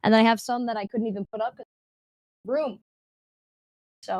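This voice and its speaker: A young woman chats casually as an interview guest over a video call, laughing often and playing out the other people in her anecdotes. Her voice sits a bit high and the sound is dry and close. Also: fairly even intonation, normal speed, darkish tone, dry recording. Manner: chatty, laughing, acts out quoted people. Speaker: guest streamer.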